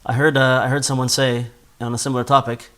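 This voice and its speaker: A man's voice: medium pitch, flat delivery, quick pace, a bit bright. Guy teaching a torah class, earnest, keeps repeating words as he works up to the point.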